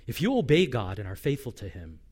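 Animated male pastor preaching. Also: medium pitch, fairly quick, breathy edge. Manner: impassioned, voices a prophet's complaints in first person. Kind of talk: sermon.

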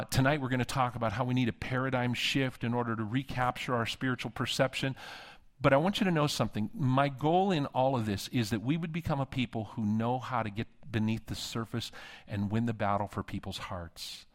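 A man preaching to a conference crowd, telling a story in an animated way and acting out each line of dialogue. His voice sits in a middle register. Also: mid-range voice, brisk. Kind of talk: sermon. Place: conference hall.

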